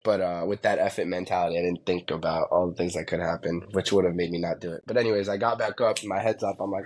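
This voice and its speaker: Deep-voiced rambling man from New Jersey. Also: steady tone, fast talker, darkish tone. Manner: rambling, filler-heavy. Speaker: podcast guest. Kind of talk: casual storytelling.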